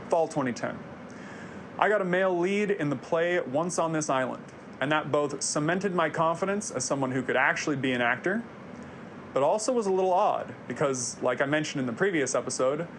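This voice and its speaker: Around thirty, a man hosting a personal video series narrates scripted reflections in an earnest, confessional manner. His voice is a little high, with a bit of hiss or hum in the recording.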